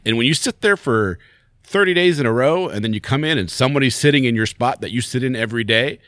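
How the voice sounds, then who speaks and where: A man co-hosting a podcast in casual chat, animated and teasing, laughing often. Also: mid-range voice, fast, dry recording, studio quality. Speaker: podcast co-host.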